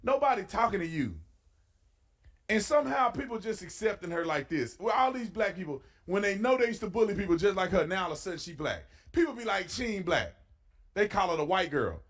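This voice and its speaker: A man's voice: high-pitched, expressive, fast, hardly any pauses. A man giving mocking, slangy reaction commentary.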